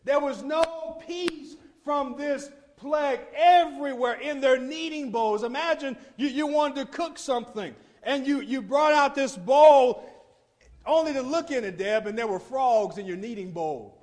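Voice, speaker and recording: A man preaching a sermon, retelling scripture with vivid, animated storytelling and frequent repetition. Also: very high-pitched, unhurried.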